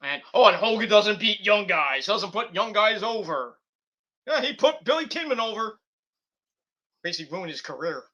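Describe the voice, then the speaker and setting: High-voiced, bright-toned rambling man. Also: very animated, normal speed, dull audio. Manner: rambling, profane, with frequent restarts and filler. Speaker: wrestling podcast host. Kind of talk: casual rambling commentary.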